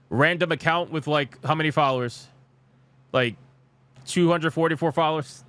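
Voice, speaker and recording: Young male streamer, slightly high voice, dry close mic, blunt and exasperated profane ranter. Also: steady tone, normal speed, fairly bright tone, smooth, no echo. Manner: reads comments aloud. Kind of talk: live gaming news commentary.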